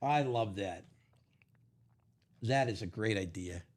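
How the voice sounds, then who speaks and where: A man hosting a live card break stream, upbeat and jokey, reading out names and spots quickly. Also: lowish voice.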